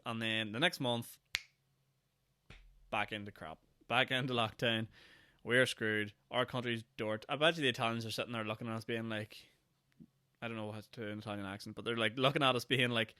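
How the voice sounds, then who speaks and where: A young man with a Northern Irish accent, rambling through a solo podcast with a sarcastic edge and quick mock voices. His tone is bright and clean, and he sounds tired. The sound is dry and close. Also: mid-range voice, steady tone, no echo. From Northern Ireland. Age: 20s. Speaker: podcast host. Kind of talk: casual solo podcast monologue.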